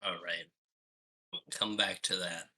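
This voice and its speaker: A man's voice: low-pitched, steady tone, measured pace, gravelly, bright, forceful tone, rough recording. A man running a tabletop game as game master, describing scenes hesitantly, with many fillers.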